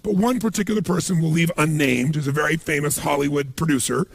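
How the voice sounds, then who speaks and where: Gravelly, raspy-voiced motivational speaker man. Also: fairly high pitch, fast, no echo. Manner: animated storytelling, acts out quoted voices. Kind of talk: motivational seminar talk.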